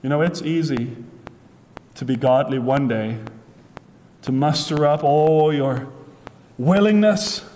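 A man's voice: fairly high pitch, slow, pauses often, darkish tone. A man preaching a sermon, emphatic and repetitive, piling up phrases for effect. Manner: emphatic, repetitive, acts out voices in asides. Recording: long reverb of a large hall.

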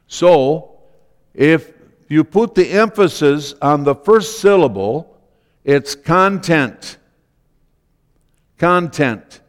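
A man preaching a sermon as pastor, slow and deliberate, repeating key phrases for emphasis. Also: fairly high pitch, expressive, darkish tone, in a large hall.

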